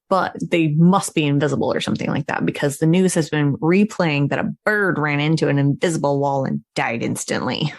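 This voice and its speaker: Low-voiced woman recapping a film. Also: gravelly, no echo, clean studio sound. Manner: chatty storytelling with frequent laughs. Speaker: podcast co-host recapping a film.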